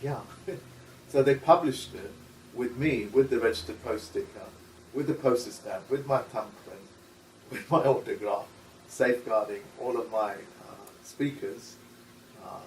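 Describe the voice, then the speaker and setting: A man talking as an interview guest in casual conversation, halting with many restarts and short laughs. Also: medium pitch, slight background noise. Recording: echoey room, voice from far off.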